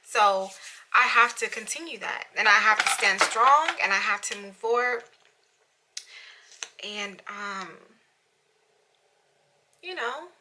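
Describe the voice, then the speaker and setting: A young woman with a very bright, sharp voice talks openly to her camera at home in a casual confessional vlog. She is tearful and struggling to hold back crying, and her talk keeps circling back through "you know"s. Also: fairly high pitch, slight background noise, rough recording. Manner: candid, emotional, many "you know"s. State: tearful, fighting back tears. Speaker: beauty vlogger. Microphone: camera in front of her.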